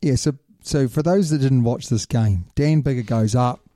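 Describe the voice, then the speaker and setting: Dark-voiced guy ranting about rugby, casual chat, dry sound. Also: mid-range voice, normal speed, no echo. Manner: animated, opinionated, says "mate". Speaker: rugby podcast host.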